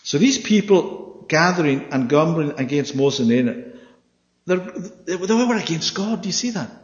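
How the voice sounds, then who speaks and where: A man preaching a Bible study sermon, animated and often checking with his listeners through questions. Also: on the high side, moderate pace. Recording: echoey hall, dull sound.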